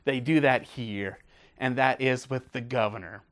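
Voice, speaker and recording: A man hosting a casual film review video, talking in a gushing, excited way. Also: mid-range voice, a little slow.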